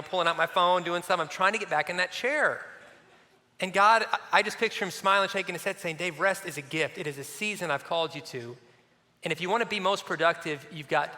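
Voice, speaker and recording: A middle-aged male pastor delivers a sermon with a high, bright voice that rings with energy. He talks conversationally and throws in playful asides. A long reverb trails behind him from the church hall.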